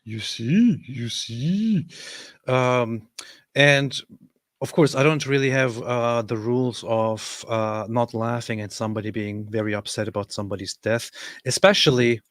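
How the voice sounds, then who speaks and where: A man in a middle pitch hosts a reaction stream with a sarcastic, mocking edge, chuckling as he talks. His voice sounds close and dry, with no room around it. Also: steady tone, normal speed, no echo. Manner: sarcastic, mocking, laughs through remarks. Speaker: commentary stream host. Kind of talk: casual reaction commentary.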